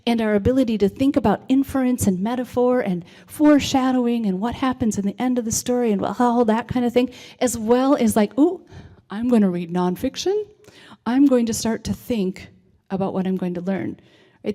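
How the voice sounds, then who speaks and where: Mellow-voiced woman presenting on reading. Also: a little high. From United States. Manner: conversational, frequent "right?" check-ins. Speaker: literacy presenter. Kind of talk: presentation to a civic audience.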